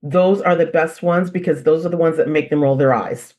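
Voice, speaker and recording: A woman as the expert guest on a parenting interview, telling animated stories, repeating phrases for emphasis and laughing as she talks. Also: low voice, normal speed, lo-fi sound. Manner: laughs while talking. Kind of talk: conversational interview.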